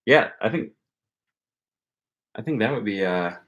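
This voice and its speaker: A man's voice: on the low side, expressive, measured pace, fairly bright tone. A young man from Wisconsin with a Wisconsin accent, hosting a casual livestream and thinking aloud with plenty of ums and likes. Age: young adult. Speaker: language-learning channel host. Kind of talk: casual livestream chat with viewers.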